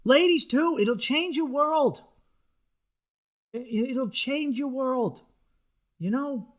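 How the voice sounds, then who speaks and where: A man's voice: very high-pitched, slow. A man hosting a comedy podcast, rambling through a crude, profane monologue. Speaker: podcast host.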